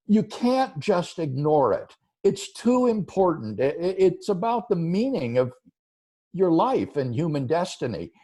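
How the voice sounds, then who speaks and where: A man's voice: high voice, husky. A man, a philosopher, answering viewer questions in an interview, earnest and explanatory. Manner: earnest, explanatory, lively rising and falling delivery.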